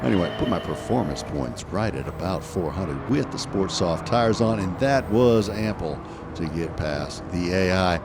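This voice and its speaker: A man's voice: low voice, moderate pace, background noise. A man giving casual, joking commentary over racing game footage. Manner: chatty, joking, lively. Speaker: gaming video host.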